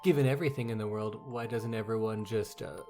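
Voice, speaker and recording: A man's voice: on the low side, quick pace, dark tone, faint music behind. Rambling, joking male podcast host. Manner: rambling, self-deprecating joking. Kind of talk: casual chat.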